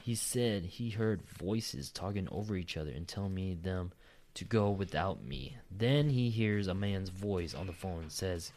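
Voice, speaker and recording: A man's voice: sits low, a little slow, a little mellow. A man chatting casually on a podcast, laughing often and swearing freely, and reading out a spooky listener story. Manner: laughs often, swears, says "dude" a lot.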